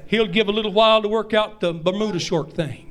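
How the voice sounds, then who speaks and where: High-voiced pastor preaching. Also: male voice, brisk. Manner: preaching, repeats lines and rises to shouts. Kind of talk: sermon.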